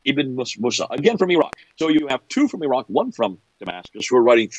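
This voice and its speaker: A middle-aged man holds forth as a guest, his pitch leaping up and down as he builds his case. His voice has a light husky edge, and the sound is dry and close. He keeps asking, half incredulous, whether you are following. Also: very animated, quick pace, no room sound, muffled recording. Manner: incredulous, asks if listener follows. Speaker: guest speaker. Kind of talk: animated explanatory talk.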